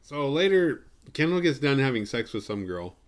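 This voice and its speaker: Some guy doing a rambly sweary horror movie recap, sarcastic, mid-pitched voice. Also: very animated, moderate pace. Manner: rambling and profane, with sarcastic asides. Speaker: horror movie review podcast host. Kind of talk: casual spoiler-filled movie recap.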